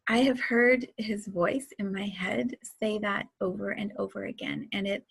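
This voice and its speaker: Woman in her forties, host, casual spiritual talk, husky fry-edged voice, laughs a lot. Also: medium pitch. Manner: chatty, laughing often.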